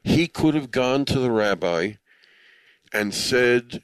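A man's voice: medium pitch, expressive, takes it slowly, smooth, no room sound, poor audio. A man telling a personal story in an earnest, reflective way. He chokes up easily and drops Hebrew and Yiddish religious terms into his speech. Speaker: speaker telling a story to listeners.

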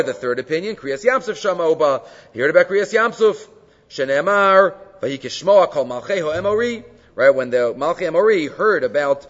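A man teaching a Talmud class, explaining texts, dropping Hebrew terms into his English and checking in with frequent rhetorical questions. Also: a little high. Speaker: Torah teacher. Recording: dull lo-fi sound with long hall reverb.

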